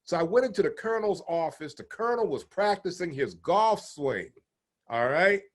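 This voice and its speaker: A man's voice: sits high, normal speed. A man in his seventies, a retired naval officer, telling stories from his past in an interview and acting out the people he quotes. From United States. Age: 70s. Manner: animated storyteller who acts out the people he quotes. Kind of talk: storytelling interview.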